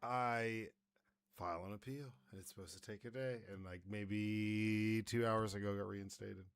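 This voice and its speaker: A man hosts a casual podcast chat, taking his time over each phrase. His voice is smooth and clear, and the recording is dry and close. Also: lowish voice, fairly even intonation, a little slow, no echo. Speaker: podcast host.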